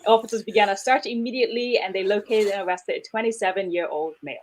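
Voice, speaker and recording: A woman co-hosting a morning talk show, moving briskly through stories and news headlines. She talks fast and keeps a chatty tone while reading out the headlines. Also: medium pitch, darkish tone, poor audio. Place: radio talk show studio.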